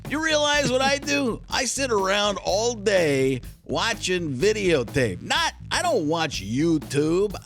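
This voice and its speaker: A man doing a gravelly, wired football coach. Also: high voice, fairly bright tone, heavily acted. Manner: rambling, punchy, says "man" often. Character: impression of a gruff football coach, man in 50s.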